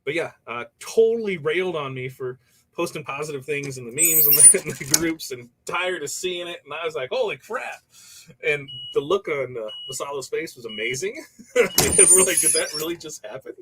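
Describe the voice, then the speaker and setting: A man's voice: a little high, animated, moderate pace, noisy background. Chatty man hosting a craft livestream. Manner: chatty, rambling, laughs often, reads viewer comments. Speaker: livestream host. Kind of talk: casual livestream chat. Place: workshop while pressing shirts.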